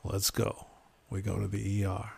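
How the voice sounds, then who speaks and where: A man on a podcast casually retelling a family mishap, acting out the people he quotes with sharp jumps in pitch. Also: normal speed, creaky, slightly rough. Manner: animated retelling, acts out quotes with sudden rises in pitch. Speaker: podcast co-host. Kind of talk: casual storytelling chat.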